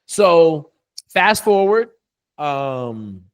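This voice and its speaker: Man, coach, interview storytelling, blunt, profane, emphatic, slightly high pitch. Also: sing-song, extremely slow, clean tone.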